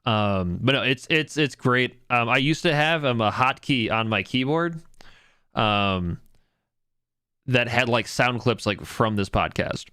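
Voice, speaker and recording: Podcast co-host, male, bright crisp voice, rambling and profane. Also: medium pitch, a little slow, dry recording, clean studio sound. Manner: rambling, lots of fillers and "like"; profane, enthusiastic. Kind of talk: casual chat.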